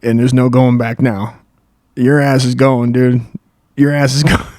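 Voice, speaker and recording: A man's voice: medium pitch, level tone, unhurried, a little mellow, no echo, studio quality. A man hosting a comedy show, riffing crudely in a rambling profane monologue. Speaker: comedy podcast host.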